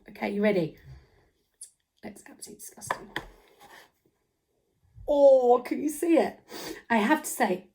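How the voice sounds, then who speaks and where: Lively, animated woman teaching phonics. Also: on the high side. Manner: animated, encouraging, talks directly to children. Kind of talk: children's phonics lesson. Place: home.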